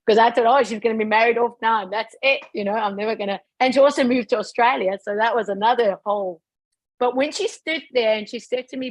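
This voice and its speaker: Woman guest, husky mid-pitched voice, lively storyteller, dry close sound. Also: a little fast, no room sound, poor audio. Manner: animated, acts out quoted dialogue. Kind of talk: casual storytelling chat.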